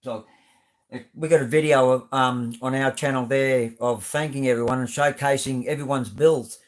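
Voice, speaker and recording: A man's voice: mid-range voice, steady tone, normal speed. An Australian man hosting a live stream, chatting casually as he reads out viewer comments, rambling and friendly with plenty of fillers and restarts.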